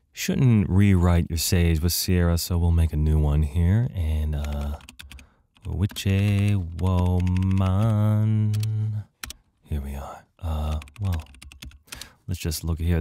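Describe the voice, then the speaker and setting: A man's voice: low voice, slow pace, dark tone, no echo. A man doing let's play commentary on an adventure game, joking at his own expense and reading the game text aloud. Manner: jokey, self-mocking, reads game text aloud. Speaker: gamer playing through an adventure game.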